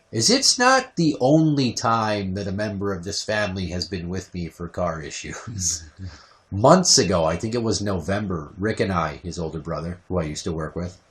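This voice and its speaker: A young man hosting a casual podcast, telling stories with lots of swearing and sudden shouted outbursts. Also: low-pitched. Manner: profane, animated storytelling with shouted outbursts. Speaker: podcast host.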